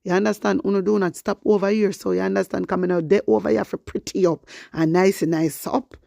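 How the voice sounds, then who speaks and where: A commentator from Jamaica holds forth to their viewers in a fiery way, slipping between patois and standard English. The voice has a gravelly edge. It sounds close and dry, with no room echo. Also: mid-range voice, fairly even intonation, a little fast, dark tone. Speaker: online political commentator.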